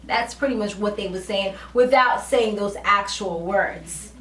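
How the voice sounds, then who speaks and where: A woman's voice: medium pitch, measured pace, slight background noise. A woman vlogger recapping a TV episode in casual, slangy talk, animatedly acting out the characters' lines. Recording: roomy, distant from mic, faint ambience.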